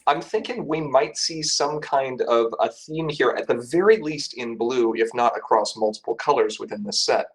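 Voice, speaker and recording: A man's voice: medium pitch, normal speed, hardly any pauses, husky, poor audio. A man co-hosting a casual card game podcast, analysing and speculating. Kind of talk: casual panel discussion.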